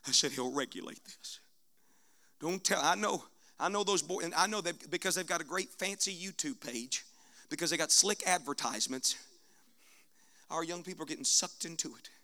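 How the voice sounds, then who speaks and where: A man preaching a sermon in church, swinging between shouted exhortation and hushed prayer. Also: on the high side.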